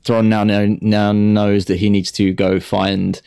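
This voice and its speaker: A man playing a tabletop game, describing his character's actions in a casual, halting way. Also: lowish voice, flat delivery, gravelly, mellow, clean tone, no room sound, studio quality. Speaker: player.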